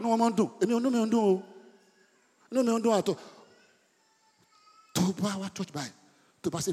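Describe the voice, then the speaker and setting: A middle-aged Nigerian pastor preaching a sermon in a church, moving sharply between quiet asides and loud bursts and repeating words for emphasis. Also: male voice, high voice, animated, fast, pauses often, slightly rough. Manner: dramatic swings between soft asides and loud outbursts; code-switches mid-sentence, repeats words for emphasis. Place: church hall. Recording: long hall reverb.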